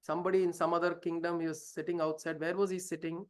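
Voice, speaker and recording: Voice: mid-range voice, level tone, fast talker. A spiritual teacher explaining a scripture passage through a story, hesitant at times and asking many rhetorical questions. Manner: hesitant, with fillers and restarts. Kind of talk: scripture lesson told as a story.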